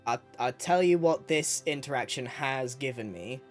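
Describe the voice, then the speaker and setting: A man's voice: mid-range voice, lively intonation, normal speed, faint music behind. Chatty man playing a tabletop game. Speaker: player. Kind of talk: casual tabletop play.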